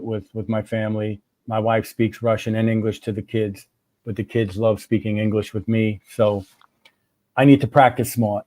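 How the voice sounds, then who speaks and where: A man's voice: medium pitch, dry recording. A man from New York, a guest and English teacher, chatting casually on a livestream. He acts out little conversations and often restarts his sentences. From New York, USA.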